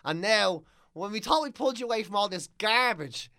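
A man's voice: high-pitched, lively intonation, fairly quick, sharp tone. An Irish man on a podcast, talking bluntly and swearing a lot as he scoffs at his co-host's stories. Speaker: podcast co-host. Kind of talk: casual chat.

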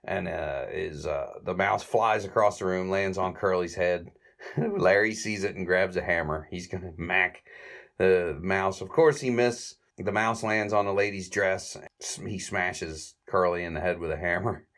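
A man casually retelling the plot of an old comedy short, halting with restarts and little chuckles. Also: deep voice, a bit bright. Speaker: film reviewer recapping a classic comedy short.

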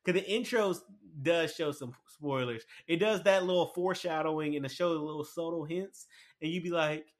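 A man chatting casually and excitedly about a show, rambling with lots of fillers and restarts. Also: on the high side, normal speed. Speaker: anime commentator. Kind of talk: casual chat.

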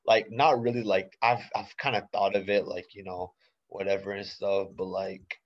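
A man's voice: on the low side, little pitch movement, normal speed. A young man in his late teens hosting his own podcast alone, talking casually in laid-back slang with lots of fillers. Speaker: podcast host. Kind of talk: casual solo podcast monologue. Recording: dull lo-fi sound.

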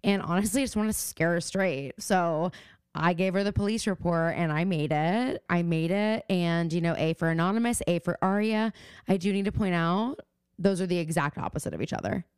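A woman's voice: on the low side, moderate pace, darkish tone, smooth, dry recording. A young woman co-hosting a podcast, chatting casually and swearing freely as she acts out quotes. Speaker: podcast co-host. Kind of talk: casual recap chat. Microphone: remote call mic.

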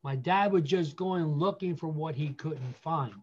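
High-voiced man pastoring earnestly. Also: darkish tone, muffled recording. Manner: repetitive, emphatic, slows down to stress key phrases. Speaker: guest pastor. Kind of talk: earnest pastoral counsel on a podcast.

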